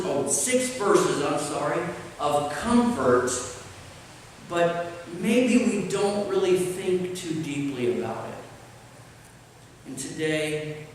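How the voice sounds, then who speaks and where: A man preaching a sermon, slow and deliberate with pauses, in a church sanctuary. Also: on the high side, slight background noise. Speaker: pastor. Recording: roomy church hall, mic at a distance, faint ambience.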